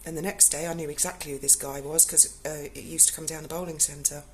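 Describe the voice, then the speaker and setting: A woman's voice: sits low, flat delivery, quick pace, slight background noise. A woman, telling a personal story in casual speech, emotional and blunt and swearing freely.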